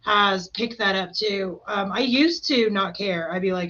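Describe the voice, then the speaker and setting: Woman, 30s, podcast host, casual chat, animated storytelling, bright tone, dull lo-fi recording. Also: medium pitch, unhurried. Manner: chatty, animated storytelling with voiced quotes. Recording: dull lo-fi sound.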